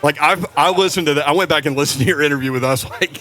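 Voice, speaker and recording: Bright-voiced male radio host. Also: on the high side, fast. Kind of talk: casual radio interview chat.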